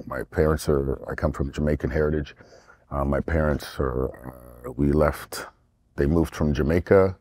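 A middle-aged actor from England, speaking as an interview guest in a rambling, animated way with many restarts. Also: male voice, very deep voice. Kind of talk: casual interview talk.

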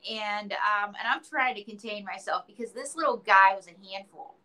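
This interview guest, an entertainer and author, has a pushed, bright mid-range voice and speaks at normal speed. She chats casually, telling stories with playful acted quotes, and the recording is low quality.

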